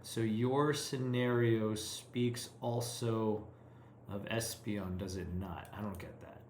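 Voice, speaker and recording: An English-speaking man practicing French, reading a story aloud slowly, stopping to translate and think through each line in English. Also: lowish voice, steady tone, roomy sound, slight background noise. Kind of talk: self-recorded reading practice.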